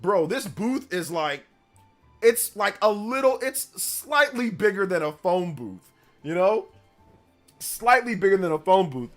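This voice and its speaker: A man talks casually on a gaming livestream, rambling through stories and peppering them with slang. His voice sits a bit on the high side, and he turns loud and animated when a story heats up. Soft music plays quietly underneath. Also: unhurried. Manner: rambling storyteller, slangy, says "bro" and "like" often. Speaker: gaming news streamer.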